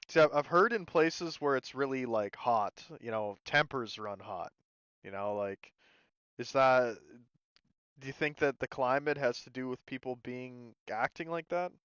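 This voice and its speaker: Host: man with a smooth voice, stammering questions, dry muffled recording. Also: medium pitch, measured pace, fairly bright tone, no room sound. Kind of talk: casual chat.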